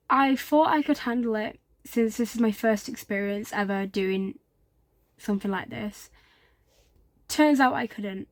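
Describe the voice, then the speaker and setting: A young woman filming and hosting her own exploration vlog, talking softly and unhurriedly to the camera. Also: a little high, no echo. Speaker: vlogger. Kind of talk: casual vlog chat. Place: abandoned underground shelter. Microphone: handheld camera.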